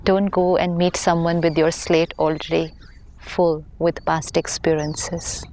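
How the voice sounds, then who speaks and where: Calm Indian woman teaching spirituality. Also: sits low, a little slow, slight background noise. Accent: Indian English. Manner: patient, explanatory, gently emphatic. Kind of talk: conversational spiritual talk.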